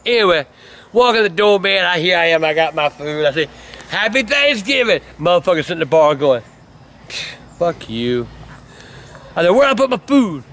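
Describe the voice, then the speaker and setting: Casting note: older man, a shouting foul-mouthed grandpa storyteller, high and sharp. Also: lively intonation, brisk. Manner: loud, cursing, ranting. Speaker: grandfather telling stories. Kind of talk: profane storytelling to camera.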